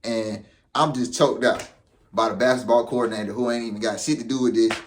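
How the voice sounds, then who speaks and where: A man's voice: mid-range voice, brisk, slight background noise. A young man telling a story in casual vlog style, with profane street slang. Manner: animated, profane street slang, acts out quotes. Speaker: vlogger.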